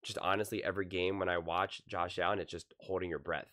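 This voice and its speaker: A man's voice: low voice, little pitch movement, fast, fairly bright tone. A man hosting his own sports channel, giving impassioned casual opinion commentary to camera, repeating words and restarting sentences.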